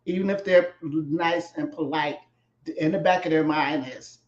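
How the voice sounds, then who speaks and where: A woman's voice: sits low, fairly even intonation, normal speed, a little mellow. A woman who is a guest in a casual conversation, speaking directly and frankly and asking pointed questions. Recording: echoey, dull-sounding.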